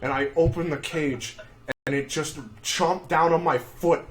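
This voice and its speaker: A man telling a crude, profanity-filled story on a casual livestream, with shouted outbursts. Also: fairly high pitch, fairly even intonation, measured pace. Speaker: streamer.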